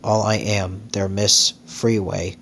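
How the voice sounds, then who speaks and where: Man reading as a glamorous starlet, dreamy and incantatory, low voice, slow rapture. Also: little pitch movement, a bit bright, slight background noise. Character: dreamy glamorous young actress, woman.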